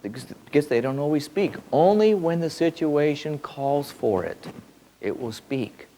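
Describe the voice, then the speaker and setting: A man giving a spiritual talk to a group, his pitch lively and wide-ranging. He repeats words and restarts his sentences as he thinks aloud. His voice moves from soft, low musing to sudden excited bursts. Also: unhurried, a little hiss or hum. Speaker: spiritual teacher. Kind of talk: spoken teaching to a group.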